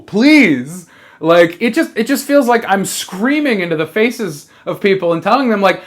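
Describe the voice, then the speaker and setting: A trans person in a rambling comedic monologue, halting and sincere, with lots of fillers, restarts and casual swearing. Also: mid-range voice, animated. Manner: swears freely.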